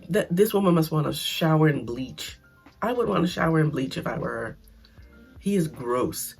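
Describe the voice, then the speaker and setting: Blunt, husky-voiced woman recapping reality TV. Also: sits low. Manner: animated, blunt, sarcastic. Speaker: reality TV commentator. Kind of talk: casual opinionated recap.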